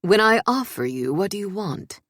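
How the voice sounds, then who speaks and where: A woman's voice: medium pitch, big pitch swings, normal speed, a bit bright, no room sound, studio quality. A woman voicing a stern, grave king who speaks in clipped, commanding sentences.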